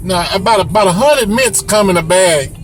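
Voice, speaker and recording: A young man, a rideshare driver, telling a story to camera in a casual, animated way and mimicking squeaky sounds. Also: normal speed, faint music behind.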